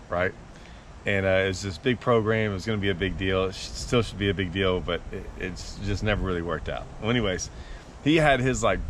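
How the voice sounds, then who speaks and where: A man's voice: lowish voice, a little hiss or hum. A man, a fishing vlogger telling a long, rambling story in casual talk to the camera.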